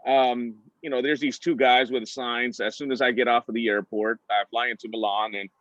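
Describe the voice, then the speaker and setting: A middle-aged man telling personal stories as a guest speaker, animated and full of "uh" fillers, acting out other people's lines with big pitch jumps. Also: normal speed, dry recording. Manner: frequent "uh" fillers and restarts. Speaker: guest speaker, entertainment director. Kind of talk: personal storytelling talk. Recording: dull, slightly muffled sound.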